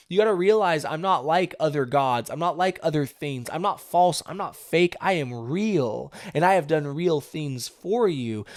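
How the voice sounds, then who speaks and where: A man hosting a daily Bible podcast, reading a chapter and then explaining it in an earnest, emphatic way with many rhetorical questions. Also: fairly high pitch. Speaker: podcast host.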